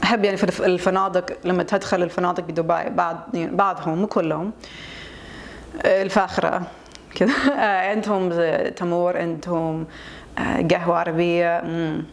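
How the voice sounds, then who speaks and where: A young woman talks fast in a casual reaction commentary. Her voice sits low with a gravelly fry. She chats freely, corrects points and slips between English and Arabic. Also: level tone. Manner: chatty, switches between English and Arabic, corrects the other speaker. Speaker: Arabic linguist reacting to a video.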